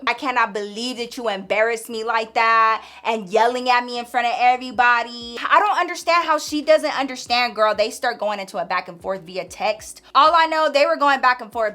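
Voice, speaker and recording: Woman vlogger, high bright voice, slangy gossipy storytime, blunt and animated. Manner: animated gossipy retelling, acting out friends' lines; slangy, blunt, swears freely. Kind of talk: casual storytime.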